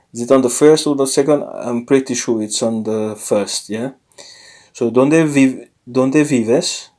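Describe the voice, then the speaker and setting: A man teaching a casual language lesson, explaining slowly with many fillers and self-corrections. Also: mid-range voice, darkish tone.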